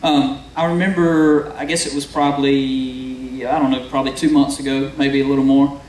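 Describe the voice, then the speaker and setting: Young preacher in an echoey hall. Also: male voice, mid-range voice, little pitch movement, normal speed, darkish tone. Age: young adult. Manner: conversational storytelling, addresses the crowd. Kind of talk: sermon. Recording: echoey hall from far off, faint noise.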